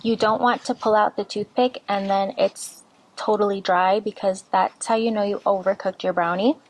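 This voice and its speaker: A woman's voice: medium pitch, fairly even intonation, normal speed, a little hiss or hum. A woman hosting a casual cooking tutorial from a home kitchen, chatty and talking straight to her viewers. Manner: chatty, addresses viewers directly. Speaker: cooking channel host.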